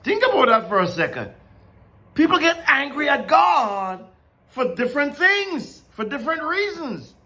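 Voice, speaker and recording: A man preaches informally, in a high, bright voice. His pitch swings widely as he speaks, and he keeps a slow pace. He asks his listeners question after question. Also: big pitch swings. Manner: conversational, asks many questions, laughs often. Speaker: Bible teacher. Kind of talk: informal sermon.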